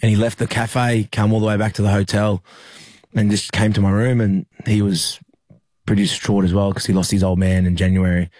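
A young Australian man speaks in a very low, dark voice. He keeps a flat, even delivery and often stops to restart his sentences with fillers. The sound is dry and close. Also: dry recording. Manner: halting, many fillers and restarts. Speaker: rugby league player. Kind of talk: emotional interview recollection.

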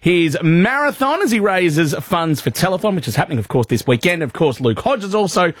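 A man's voice: high-pitched, sing-song, a little fast, breathy edge, no echo, studio quality. A man hosting a breakfast radio show on location, chatty and upbeat. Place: outdoors on location. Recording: music bed.

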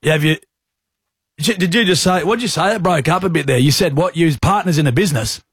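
A man's voice: a little high, quick pace, breathy edge, dry recording, pitched above the performer's own voice. A man playing a blokey rural livestock agent with a broad rural Australian accent, talking in a matey, blunt way on a prank call.

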